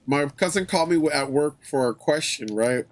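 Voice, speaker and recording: A man hosting a live stream, talking loosely with his chat in a voice a little higher than most men's. He keeps it relaxed, swears freely and circles back over the same phrases. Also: normal speed. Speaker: livestream host. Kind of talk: casual chat with viewers.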